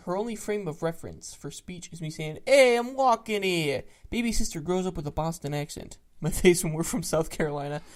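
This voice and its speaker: A narrator reading internet greentext stories aloud in a flat, matter-of-fact way, with casual swearing. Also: mid-range voice.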